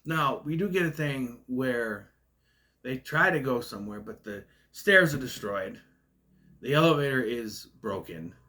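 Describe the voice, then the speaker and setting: A man's voice: medium pitch, sharp tone. A man giving a casual spoken film review in a ranting, nitpicky way, with a stutter that makes him stall on words. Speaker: movie reviewer.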